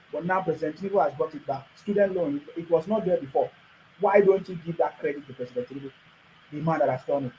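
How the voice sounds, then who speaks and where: A man's voice: fairly high pitch, dark tone, a little hiss or hum, low-quality recording. Combative Nigerian man ranting. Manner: combative, ranting, addresses critics directly; repeats and restarts phrases for emphasis. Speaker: political commentator. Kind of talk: monologue to camera.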